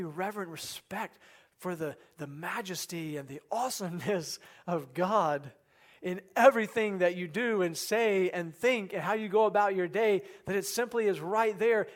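High-voiced preaching man. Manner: earnest preaching, drops soft and low on quoted prayers; asks the congregation rhetorical questions. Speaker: pastor. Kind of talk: sermon.

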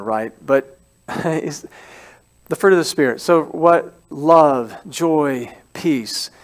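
High-voiced pastor preaching a lively sermon. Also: male voice. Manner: lively and conversational, asks the congregation questions and repeats key phrases. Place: church service.

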